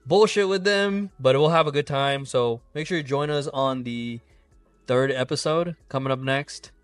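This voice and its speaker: A young man co-hosting a casual podcast, easygoing and quick to laugh. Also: medium pitch, steady tone, clean tone, dry recording, faint music behind. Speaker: podcast co-host. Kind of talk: casual chat.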